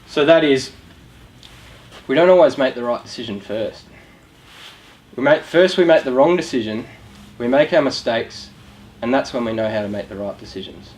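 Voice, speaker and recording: A man's voice: medium pitch, normal speed, pauses often, darkish tone, a little hiss or hum, rough recording. A young Australian man giving a casual motivational talk to a young audience, chatty and asking them questions. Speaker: youth charity speaker. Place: room with a live audience.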